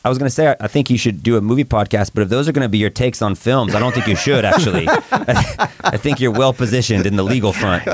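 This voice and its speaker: A man's voice: medium pitch, very animated, fast, breathy edge. A man giving commentary on a political talk show, rambling and correcting himself with a laugh. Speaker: guest commentator.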